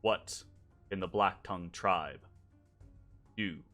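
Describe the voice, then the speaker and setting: A man voicing an old frog-folk elder who speaks slowly and gravely in a low voice. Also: pushed and bright, soft background music, exaggerated voice. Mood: solemn. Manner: slow, low, solemn speech.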